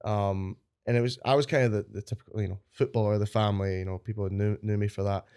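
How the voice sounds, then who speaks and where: A young man with a Scottish accent rattles through stories at a quick clip, casual and rambling, with plenty of swearing. His voice sits a little low. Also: fairly even intonation, darkish tone, smooth. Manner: chatty, rambling storyteller, swears freely. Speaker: guest powerlifter. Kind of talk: casual podcast chat.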